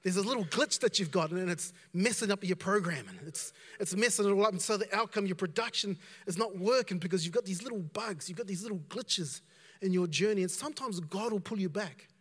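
A man's voice: sits high, brisk, slightly rough, big-room sound. A man preaching a conversational sermon as a pastor, repeating himself and dropping in asides.

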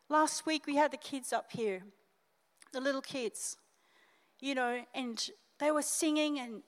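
An older Australian woman preaching from the stage in a high, bright voice. She talks straight to her congregation, animated and emotional. Her words ring out with the long reverb of a church hall. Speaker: senior pastor. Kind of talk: sermon.

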